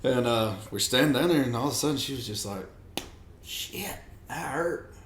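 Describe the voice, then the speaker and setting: A man's voice: mid-range voice, fast talker, fairly bright tone, a little hiss or hum. A man telling a rambling story in casual chat, full of fillers. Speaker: guest. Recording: echoey room with faint ambience.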